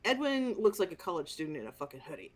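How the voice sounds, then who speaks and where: A woman co-hosting a casual movie review podcast, telling the story in an animated, exasperated and profane way. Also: lowish voice, quick pace. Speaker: podcast co-host.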